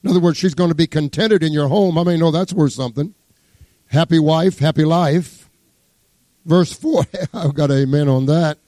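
Fervent preacher, a man with a high voice. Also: normal speed, dry recording. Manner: fervent preaching, swings between shouting and hushed asides; exclaims praise words, reads scripture aloud. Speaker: pastor. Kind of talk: sermon.

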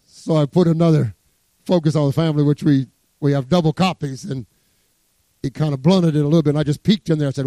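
A man preaching a sermon as pastor, quoting scripture with humor and swinging from soft asides to rising emphasis. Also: fairly high pitch, animated, fast, dry recording, clean studio sound.

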